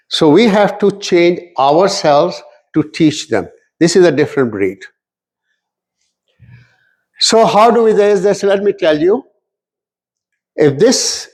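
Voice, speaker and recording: A middle-aged man with a slightly raised pitch delivers an animated talk. He tells stories in English with phrases woven in. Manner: lively, mixes Urdu phrases into English. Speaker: speaker at a community talk.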